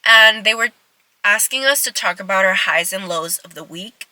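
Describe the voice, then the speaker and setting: A young vlogger in her twenties chats to her phone camera from her car, rambling and saying "like" a lot while fighting back tears. She speaks at normal speed in a mid-range voice that sounds pushed and bright. The recording is dry and low in quality.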